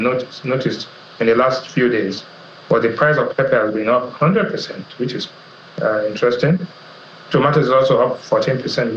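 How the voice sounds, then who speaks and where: A middle-aged Nigerian man gives a measured economic analysis as a guest on a television business programme, working through figures in order. His voice carries a roomy echo, and the broadcast audio is slightly dull, with faint background noise. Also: mid-range voice, fairly bright tone. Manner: measured, explanatory, lists figures.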